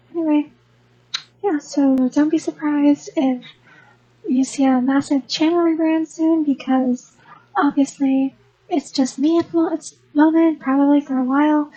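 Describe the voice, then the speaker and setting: A woman's voice: high voice, dark tone, rough recording. A young woman who hosts a gaming channel, rambling casually in an unscripted voice-over with lots of restarts. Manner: rambling, chatty, many restarts.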